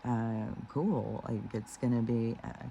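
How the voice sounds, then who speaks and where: A man giving a rambling spiritual monologue, full of fillers and restarts and slowing down on his key phrases. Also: medium pitch, fairly even intonation, creaky, mellow, slight background noise, poor audio. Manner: meandering, heavy with fillers and restarts; earnest, slows down on key phrases. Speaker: spiritual vlogger.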